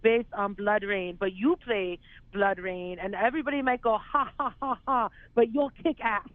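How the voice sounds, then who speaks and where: A woman putting on a deliberately bad German accent to play a blunt, excitable German male film director. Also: mid-range voice, dry recording, pitched above the performer's own voice, lightly acted. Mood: eager pitching. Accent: put-on German. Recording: tinny phone line.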